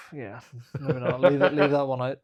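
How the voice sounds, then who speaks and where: A man's voice: medium pitch, measured pace. A man in his thirties with a Northern Irish accent, a fighter chatting casually as a podcast guest, who admits he sometimes mumbles. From Northern Ireland. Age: 30s. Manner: self-described lazy talker who mumbles at times. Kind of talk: casual interview chat.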